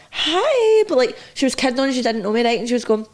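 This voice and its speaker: A young woman with a Scottish accent, co-hosting a podcast and telling lively stories full of acted-out quotes. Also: a little high, very fast. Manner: lively storyteller, acts out quotes. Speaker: podcast co-host. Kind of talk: casual chat.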